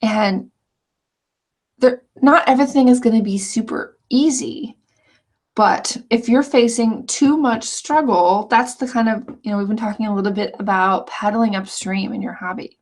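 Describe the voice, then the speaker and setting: A woman's voice: on the high side, normal speed. A woman teaching an online scrapbooking course, walking through the lessons in an earnest, chatty way with frequent restarts. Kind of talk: casual walkthrough of course lessons.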